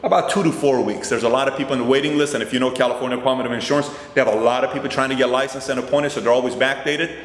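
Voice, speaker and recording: Male host, motivational storyteller, lively and expressive, reverberant hall sound. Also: medium pitch, very fast, hardly any pauses. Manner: animated, acts out both sides of conversations. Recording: roomy hall with long reverb.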